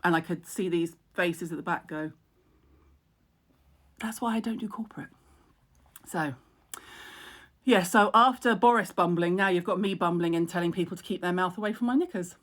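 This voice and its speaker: A woman's voice: on the low side, a little fast, few pauses, fairly bright tone. A middle-aged woman hosting a live stream, chatting frankly, laughing at herself and answering viewer comments. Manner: chatty, frank and self-mocking, laughs a lot. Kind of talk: casual live-stream chat.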